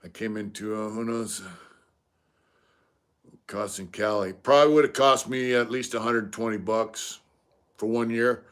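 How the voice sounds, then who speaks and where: A man's voice: lowish voice, fairly even intonation, measured pace, pauses often, fairly bright tone, clear, resonant tone. Laid-back middle-aged man. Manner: laid-back, greets viewers by name between stories. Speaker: live stream host. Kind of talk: casual live-stream chat.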